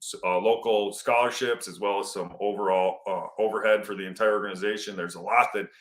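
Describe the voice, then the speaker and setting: A man's voice: on the low side, steady tone, a little fast. Easygoing man in an echoey room. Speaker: co-host. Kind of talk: casual live-stream talk. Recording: roomy echo.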